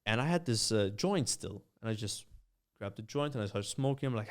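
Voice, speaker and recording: A young man with a Maltese accent, a streamer who tells animated stories with lots of "uh" and "like" as a podcast guest. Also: medium pitch, fairly quick. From Malta. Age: young adult. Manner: animated storyteller, many fillers. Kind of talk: casual storytelling chat.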